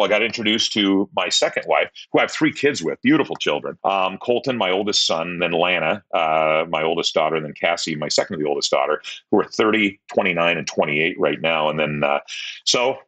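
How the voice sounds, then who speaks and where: Podcast guest, male, 50s, lowish bright voice, rambling candid storyteller who repeats himself. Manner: rambling, repeats words, animated when retelling dialogue.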